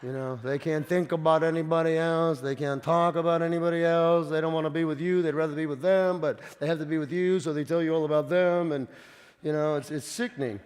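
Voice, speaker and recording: A man preaching a conversational sermon, with frequent stumbling repeats, swinging between loud and hushed. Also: fairly high pitch, long reverb tail. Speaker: pastor.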